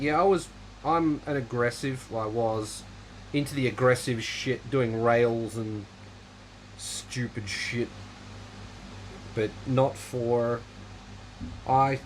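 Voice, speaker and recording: Slow talking guy on a livestream, mid pitch, dry offhand rambling, bit of aircon hum. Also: poor audio. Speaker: livestream host. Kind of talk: casual livestream chat.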